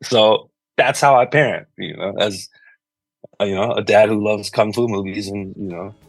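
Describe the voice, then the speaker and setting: A man being interviewed about his music, talking loosely and filling pauses with "you know". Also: lowish voice, creaky, dry recording. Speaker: musician guest. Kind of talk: conversational interview.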